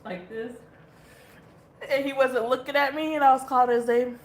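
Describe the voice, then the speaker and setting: A woman's voice: high voice, fairly even intonation, normal speed, a little hiss or hum. A woman giving a casual tarot reading who rambles, swears casually and laughs often. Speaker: tarot reader.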